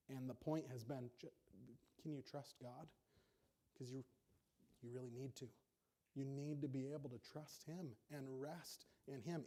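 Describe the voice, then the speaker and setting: Warm-voiced conversational pastor preaching. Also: male voice, a little high. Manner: conversational, animated, acts out characters. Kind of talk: sermon.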